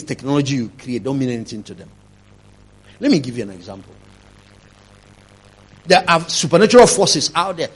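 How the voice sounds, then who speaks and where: Husky man preaching with rising intensity. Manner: rising to loud emphatic preaching, then dropping low. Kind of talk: sermon testimony.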